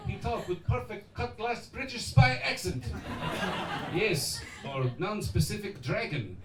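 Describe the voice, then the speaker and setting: A man voicing a male Russian sailor who plots in a hushed voice and speaks broken English, recorded from afar in an echoey room. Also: high-pitched, lively intonation, measured pace, voice pushed up. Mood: conspiratorial. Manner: hushed conspiratorial mock-Russian accent. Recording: echoey pub room, far mic, loud noise.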